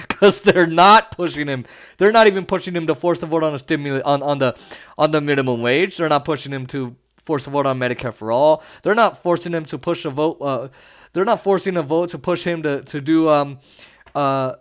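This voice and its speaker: Brief: male political vlogger, high-pitched, sarcastic and mocking, casual solo talk. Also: fairly bright tone. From Las Vegas, Nevada. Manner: sarcastic, laughs often, mocking. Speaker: political commentary host.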